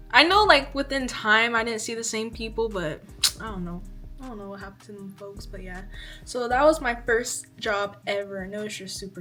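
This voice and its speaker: A woman in her twenties chatting casually to camera, telling a story and acting out her own reactions with lively emphasis. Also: medium pitch. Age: 20s. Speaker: vlogger.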